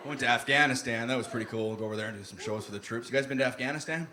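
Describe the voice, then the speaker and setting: A man from Canada with a Northern Ontario accent doing animated stand-up comedy on a club stage. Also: mid-range voice, racing. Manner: very animated, swaggering. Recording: live club, loud crowd and noise.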